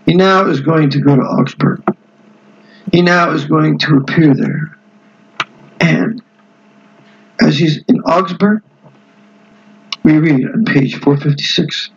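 A man's voice: fairly high pitch, slow pace, pauses often, highs cut off, slight background noise. A man reading a history book aloud to a book club and breaking off into emphatic, digressive asides to his listeners. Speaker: book club reader and host.

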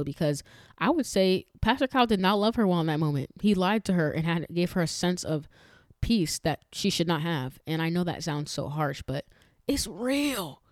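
A woman's voice: sits low, a little mellow, no room sound. Earnest woman podcaster, dry sound. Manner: earnest and emphatic, with many restarts; chatty, addressing listeners directly. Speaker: podcast host. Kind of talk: faith-based podcast talk.

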